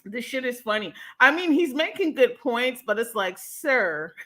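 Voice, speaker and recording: A woman hosts a livestream and reacts to a clip in loose, slangy commentary, laughing often as she talks. Her voice sits a little high. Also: animated, normal speed, sharp tone. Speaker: livestream host.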